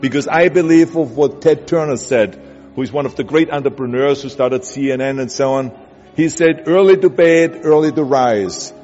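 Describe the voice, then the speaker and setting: Speaking with a German accent, a motivational speaker pushes the listener forward in an emphatic, repetitive address. His medium-pitched voice is a little mellow and moves at a moderate pace, recorded as dull audio with long hall reverb and a music bed underneath.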